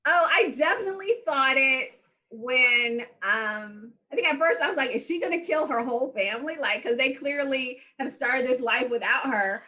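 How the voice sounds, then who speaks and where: A woman co-hosting a casual show recap, animated and laughing often as she acts out her reactions. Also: high-pitched, normal speed. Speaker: podcast co-host.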